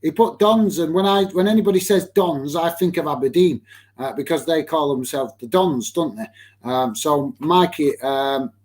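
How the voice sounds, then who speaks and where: A man's voice: a little high, moderate pace, a little mellow. A young man from Lancashire with a Lancashire accent, hosting a football watch-along stream and chatting casually with viewers in the chat, full of fillers and restarts, calling everyone mate. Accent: Lancashire English. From Lancashire, England. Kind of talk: casual live-stream chat reading comments.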